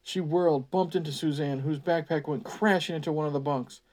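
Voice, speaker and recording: A man's voice: on the high side, fairly even intonation, a little fast, a little mellow. Sarcastic man reading a story aloud. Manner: sarcastic asides, sighing, swearing. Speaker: podcast host reading a book aloud.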